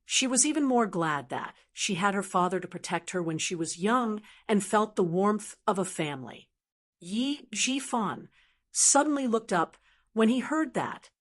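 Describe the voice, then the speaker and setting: A woman narrating an audiobook with steady, even storytelling. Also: mid-range voice. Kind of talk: scripted narration.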